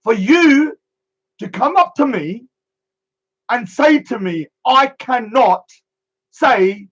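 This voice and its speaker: A man's voice: very high voice, expressive, slow pace, pauses often, a bit bright, lo-fi sound. A man, a street speaker giving vlog commentary in a mocking, repetitive manner.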